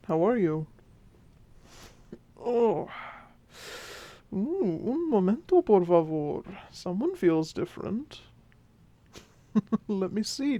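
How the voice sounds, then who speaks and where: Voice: mid-range voice, no echo. A performer playing a charming, flirtatious male vampire who speaks with a Mexican Spanish accent, teasing and then soothing in an audio role-play drama. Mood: playful. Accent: Mexican Spanish accent, put on by the figure. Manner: teasing, warm, soothing, drops to whispers.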